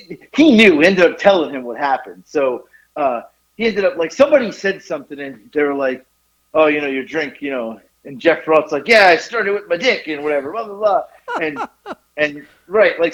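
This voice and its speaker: Animated laughing storyteller, lively voice. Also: male voice, fairly high pitch, dull audio. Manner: animated, laughs through his own stories. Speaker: podcast co-host. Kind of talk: casual storytelling chat.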